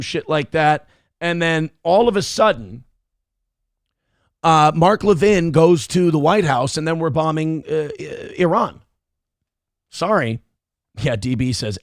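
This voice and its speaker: A man hosts a casual morning talk show, rambling and irreverent with plenty of swearing. His fairly high voice swings widely as he talks. The sound is dry and close to the microphone. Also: no echo.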